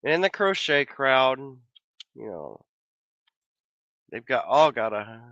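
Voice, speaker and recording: A man hosting a casual livestream chat from a home office, a bit hoarse from losing his voice, talking in an easygoing, rambling way with many trailing restarts. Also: mid-range voice, sing-song, slow, a bit bright, dry recording. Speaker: livestream host. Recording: slightly dull lo-fi sound.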